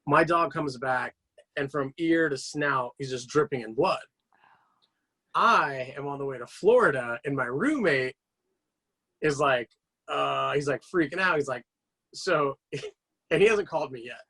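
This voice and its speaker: A man at a middle pitch tells a long story as a podcast guest, piling on "like" and "and then" as he goes. His voice rises and falls as he talks, on a podcast microphone. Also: unhurried, long pauses, breathy edge. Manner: animated rambling anecdotes with frequent fillers. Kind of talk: casual storytelling chat.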